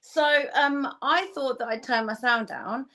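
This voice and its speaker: A woman's voice: sits high, measured pace, sharp tone. A middle-aged woman co-hosting a live show, rambling and self-deprecating. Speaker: co-host. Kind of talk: casual live-stream chat.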